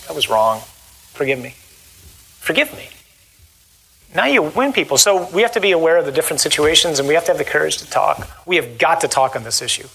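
A man with a husky, slightly breathy voice speaks as a Catholic priest. He talks to a gathering in an animated way and acts out the quoted voices, then leads a measured closing prayer. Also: a little high, poor audio.

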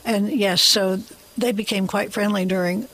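Brief: interview guest author, gravelly fry, lively rambling storyteller. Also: mid-range voice, normal speed, low-quality recording.

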